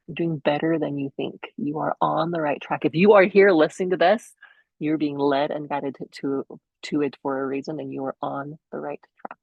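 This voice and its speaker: A woman in her thirties hosts her own inspirational podcast. Her voice has a gravelly fry to it, and the recording is close and dry. She talks earnestly and with real enthusiasm, easing into soft, hushed passages. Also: low-pitched, steady tone, normal speed, no echo, lo-fi sound. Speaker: podcast host. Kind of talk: inspirational solo podcast talk.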